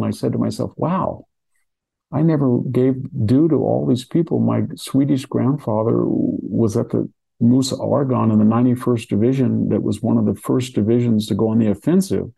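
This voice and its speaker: Older guy, husky and a bit gravelly, rambles thru war history casually. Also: medium pitch, dark tone. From California. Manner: rambling, with many restarts and asides. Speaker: podcast host discussing history.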